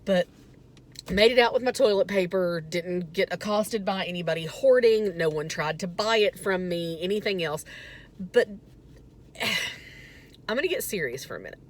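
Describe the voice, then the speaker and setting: A young woman with a low voice that swings widely up and down as she talks. She is chatty and self-mocking, with a faint hum of room noise behind her. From Southern United States. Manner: animated, self-mocking and chatty, turning earnest at the end. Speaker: vlogger. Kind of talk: casual storytelling vlog.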